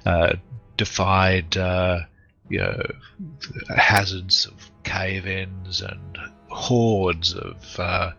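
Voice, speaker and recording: A man playing a tabletop game, talking haltingly with many fillers. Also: deep voice, little pitch movement, vocal fry, bright, forceful tone, faint music behind. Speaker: player. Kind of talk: casual tabletop play. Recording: dull lo-fi recording.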